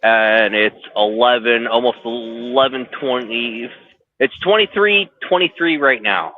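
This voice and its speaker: A man's voice: medium pitch, a little slow. A man teasing his friends in a casual call chat. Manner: teasing, jokey. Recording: muffled call audio.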